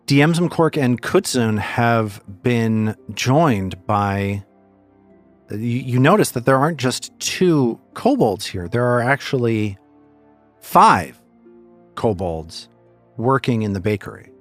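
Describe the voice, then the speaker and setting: Halting man narrating as game master. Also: mid-range voice, lively intonation, soft background music. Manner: hesitant, repeats words while narrating.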